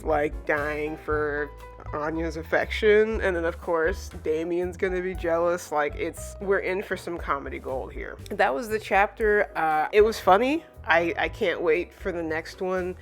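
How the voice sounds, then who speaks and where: A woman giving a casual chapter review, chatty and full of fillers. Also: lowish voice. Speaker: manga reviewer.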